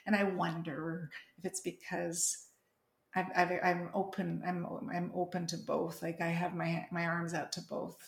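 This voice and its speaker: A woman's voice: lowish voice, gravelly, echoey room. A woman guest talking reflectively in a casual conversation, often restarting her sentences.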